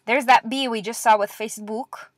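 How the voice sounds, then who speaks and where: A woman teaching a lecture-style language lesson, repeating words slowly and clearly with patient encouragement. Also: on the high side, fairly even intonation, no room sound, studio quality.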